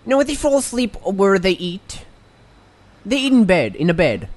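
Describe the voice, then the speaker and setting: Guy doing a squeaky sketchy business dude, voice bouncing up and down all over, kinda lispy. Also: big pitch swings, measured pace. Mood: scheming. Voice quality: lisp at times. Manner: voice keeps drifting, high and squeaky. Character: shady quirky scheming entrepreneur pitching investors. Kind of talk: improvised comedy bit.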